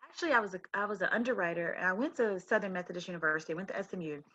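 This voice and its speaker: A woman who is a commercial banker, chatting as an interview guest and telling animated, slangy stories. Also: fairly low pitch, rapid-fire, highs cut off. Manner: animated, slangy storytelling with impressions. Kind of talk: casual interview chat.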